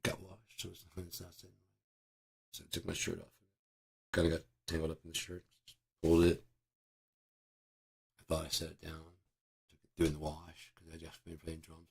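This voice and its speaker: Hoarse, gravelly-voiced man ranting. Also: deep voice, steady tone, brisk, long pauses. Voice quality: raspy, gravelly. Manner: profane, ranting, with bursts of loud shouting. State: hoarse from screaming. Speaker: vlogger. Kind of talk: casual rambling monologue.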